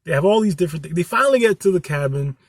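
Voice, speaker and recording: Earnest, animated man talking to viewers. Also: high-pitched, very fast, no room sound. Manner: earnest, rambling, with many restarts. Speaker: channel host. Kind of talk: candid vlog talk to viewers.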